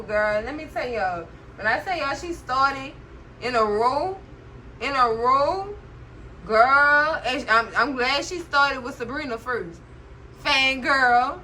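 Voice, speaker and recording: A woman hosting a casual TV recap, chatty and animated, often laughing and calling the viewer "girl". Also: sits high, normal speed, a little hiss or hum, poor audio. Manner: laughs often while talking. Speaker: TV recap host.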